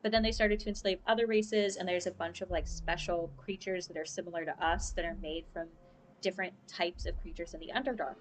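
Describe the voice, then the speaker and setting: A woman's voice: on the low side, fairly even intonation, brisk, slight background noise, low-quality recording. A woman hosting a casual let's play, chatting and rambling about the game with easy laughs. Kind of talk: casual gaming commentary. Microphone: voice-over over game footage.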